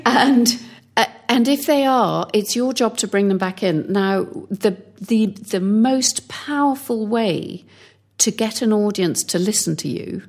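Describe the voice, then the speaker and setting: A woman's voice: mid-range voice, a little slow, darkish tone. A woman coaching on presenting, giving tips in a practical, instructive way. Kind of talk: podcast chat giving advice.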